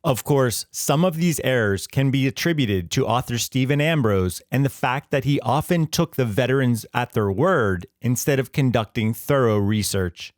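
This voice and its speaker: A man reading a scripted history explainer in a measured, explanatory way. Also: medium pitch, lively intonation, no echo, clean studio sound. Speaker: history channel narrator. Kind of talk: scripted narration.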